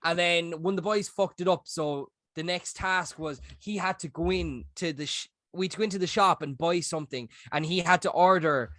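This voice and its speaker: Young Irish male podcast co-host, animated sweary storyteller, slightly high voice, dry sound. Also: moderate pace, few pauses, dry recording. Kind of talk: casual chat.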